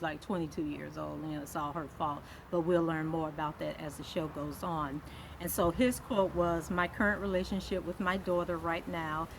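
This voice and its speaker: Woman, lowish voice, casual show recap, conversational with fillers, faint hiss behind. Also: poor audio. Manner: conversational, many "um" fillers, reads quotes aloud.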